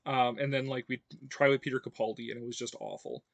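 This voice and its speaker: A man chatting on his livestream in a loose, rambling way, full of fillers and restarts. His voice sits at a middle pitch and gets animated when a point excites him. The sound is dry and close, with no room around it. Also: fast, no room sound. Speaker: livestream host. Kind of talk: casual fan chat answering viewers.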